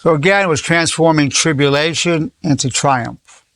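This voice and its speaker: A psychologist in his eighties teaches informally through anecdotes, frequently repeating words, restarting, and voicing the dialogue he quotes. He speaks at normal speed in a slightly high, a bit bright voice. No room sound can be heard.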